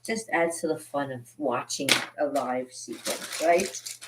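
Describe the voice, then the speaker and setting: A woman's voice: sits low, sing-song, moderate pace, background noise. A woman artist hosting a live drawing stream, chatting casually and rambling with frequent laughs as she teaches.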